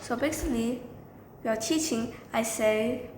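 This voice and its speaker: High-voiced slow rambling woman storyteller. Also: fairly bright tone. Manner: rambling, repeats filler phrases. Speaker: teacher telling a story. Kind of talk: storytime narration. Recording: echoey room with faint background noise.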